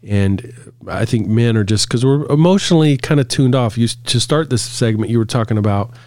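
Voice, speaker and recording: A man's voice: medium pitch, brisk, dry recording, studio quality. A man, a couples therapist, talking casually on a podcast and telling stories with frequent laughs. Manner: relaxed storytelling, laughs often.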